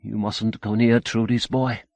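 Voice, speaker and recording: A man's voice: lowish voice, flat delivery, a little slow, creaky, darkish tone, dry recording, pitched above the performer's own voice. A man voicing a frantic, pious older mother in an audiobook, pleading and demanding.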